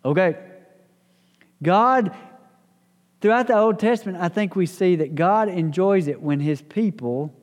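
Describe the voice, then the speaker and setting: A man's voice: high voice, unhurried. A man teaching a church Bible study in a conversational way, often repeating and restarting his phrases. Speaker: pastor. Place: church hall. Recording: echoey hall with long reverb.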